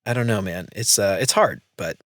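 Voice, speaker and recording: A man's voice: lowish voice, normal speed, no room sound, clean studio sound. A man in his thirties hosting a podcast in casual, joking chat, laughing often. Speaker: podcast host.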